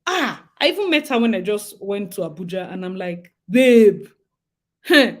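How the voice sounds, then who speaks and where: A Nigerian woman co-hosting a talk show, chatting in a lively, dramatic way with frequent laughs and asides. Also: mid-range voice, fairly quick. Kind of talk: casual chat.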